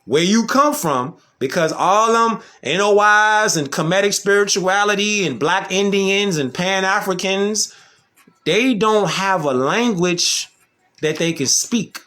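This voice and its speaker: A man's voice: high voice, expressive, unhurried, bright, forceful tone. A man talking in a casual, slangy monologue, emphatic and full of rhetorical questions. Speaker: vlogger.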